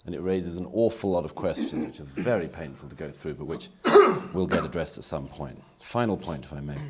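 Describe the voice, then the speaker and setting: A man with a strikingly deep, husky voice argues his point on a debate panel. He speaks in an articulate, polemical way with a dry, wry edge.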